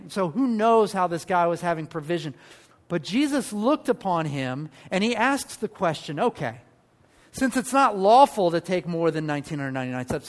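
Pastor, male, high-pitched, lively sermon delivery with rhetorical questions and pauses. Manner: animated preaching with rhetorical questions and emphatic pauses.

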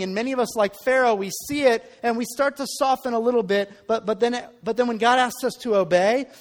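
Male preacher, high voice, chatty, keeps checking in with listeners, reverberant hall. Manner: conversational, repeats words, asks the audience "right?". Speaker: pastor. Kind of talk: sermon with scripture reading.

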